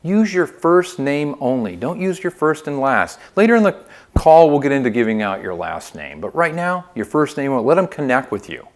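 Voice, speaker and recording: A man's voice: fairly high pitch, moderate pace. A man teaching a phone sales training lesson, upbeat and coaching, often checking in with "okay?". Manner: upbeat coaching, lively inflection, frequent "okay?" check-ins.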